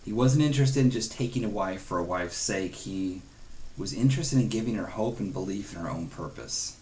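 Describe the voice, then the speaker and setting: A man with a fairly low voice teaches a devotional Bible study. His delivery is earnest and conversational, loosened with chuckles and playful quoted asides. A faint hiss sits under the recording. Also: animated, a little fast, a little mellow.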